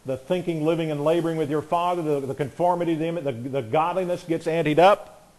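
A man's voice: a little high, quick pace, darkish tone. A man teaching a Bible class in an earnest, emphatic way, piling up repeated phrases and often correcting himself mid-sentence. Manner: frequent restarts and self-corrections.

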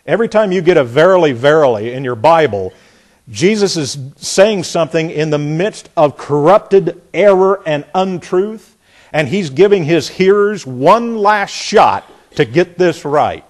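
A male preacher giving a sermon, reading scripture aloud and commenting on it, at times laughing and swinging between loud bursts and near-quiet asides. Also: a little high, expressive, a little slow. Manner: reads scripture aloud, then comments with sudden bursts and drops in volume.

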